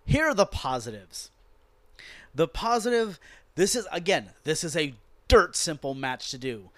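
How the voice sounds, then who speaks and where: A man hosting a podcast rants through a wrestling show recap, exasperated and swearing, telling it with animated storytelling. He speaks on the high side and a little slowly. No room sound is present.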